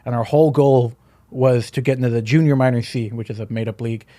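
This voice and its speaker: A man on a podcast, telling rambling stories full of fillers and jokes. His voice sits at a middle pitch. The sound is close and dry, as in a podcast studio. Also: fairly even intonation, quick pace, warm tone, no echo. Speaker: podcast guest. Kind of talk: casual comedic chat.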